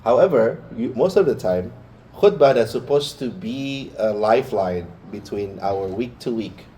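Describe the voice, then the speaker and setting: Mellow-voiced man preaching a casual sermon. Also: on the low side, lively intonation, unhurried, a little hiss or hum. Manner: informal and chatty, with personal asides. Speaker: Friday preacher. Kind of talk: conversational Friday sermon.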